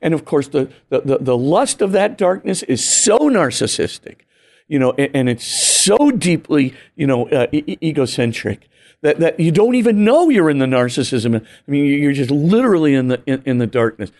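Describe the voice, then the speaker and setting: A man's voice: on the high side, animated, moderate pace, darkish tone. A man, a priest, explaining earnestly and emphatically in an interview, full of "you know" and "right?" asides. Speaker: priest and guest author. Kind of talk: animated teaching talk in an interview.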